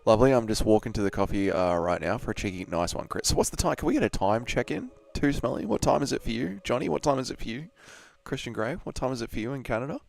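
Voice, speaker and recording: A man's voice: mid-range voice, lively intonation, quick pace, gravelly, few pauses. A young Australian man streaming a fight watch-along, chatting loosely with viewers, swearing and laughing, tired from waking up early. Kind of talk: casual live-stream chat.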